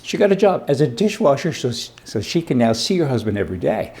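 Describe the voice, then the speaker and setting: Man, political commentary host, sarcastic, emphatic asides, mellow tone. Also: medium pitch, sing-song, fairly quick. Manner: sarcastic, emphatic, full of asides and rhetorical questions. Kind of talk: casual political commentary monologue.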